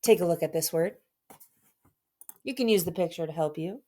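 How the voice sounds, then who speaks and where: A woman's voice: on the low side, normal speed, mellow. A woman teacher giving an online reading lesson for children, playful and theatrical, with dramatic mock sadness.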